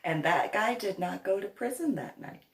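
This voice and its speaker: A New Jersey woman who is a vlogger and reverend rambles through stories to her viewers in a casual monologue, often breaking into laughter. Her mid-range voice is gravelly, and the recording has a roomy echo.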